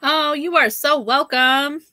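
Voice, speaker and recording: This young woman runs a live sale stream and chats with viewers, frequently dropping "like" and "girl." She speaks slowly in a high-pitched, sharp voice, captured at studio quality with no echo.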